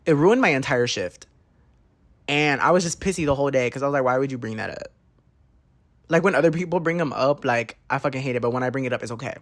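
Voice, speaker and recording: A young man hosting a podcast, telling a story in an animated, gossipy way, swearing often and saying "like" constantly. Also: medium pitch, quick pace. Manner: animated, gossipy, profane, heavy use of "like". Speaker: podcast host. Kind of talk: casual storytime monologue.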